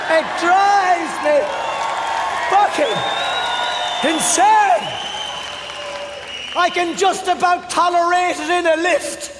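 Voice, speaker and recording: An Irish man doing a stand-up comedy set, loud and profane, often breaking into shouts. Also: extremely high pitch, noisy background. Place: live comedy venue. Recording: live room with long reverb, loud crowd.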